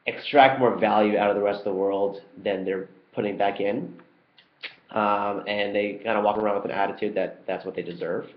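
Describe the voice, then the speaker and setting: Chatty young man in a roomy, dull recording. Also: lowish voice. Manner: relaxed and chatty, many ums and uhs. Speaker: startup co-founder answering community questions. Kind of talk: casual Q&A video.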